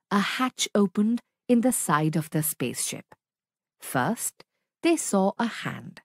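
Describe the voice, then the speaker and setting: Slow, lively woman reading a children's story. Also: mid-range voice, dry recording, studio quality. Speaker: storybook reader. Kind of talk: children's story read-aloud.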